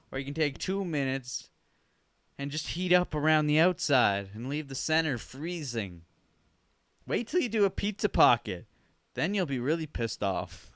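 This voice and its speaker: Profane, animated male comedic storyteller. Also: mid-range voice, smooth, no echo. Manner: profane, animated, bursts of shouting. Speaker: podcast host.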